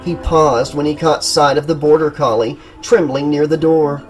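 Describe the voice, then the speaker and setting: A man narrating a horror audiobook in a steady, dramatic storytelling manner. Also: on the high side, normal speed, faint music behind, poor audio. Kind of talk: scripted narration.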